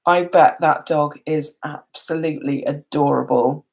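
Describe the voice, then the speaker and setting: A woman's voice: deep voice, steady tone, unhurried, vocal fry. A tired woman chatting casually on a live stream, rambling and laughing often. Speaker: beauty vlogger.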